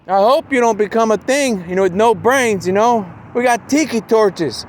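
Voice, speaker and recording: A man's voice: sits high, normal speed, few pauses, slight background noise. A man talking in a rambling, meandering casual monologue outdoors, full of fillers. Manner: meandering, with constant fillers like "man" and "you know".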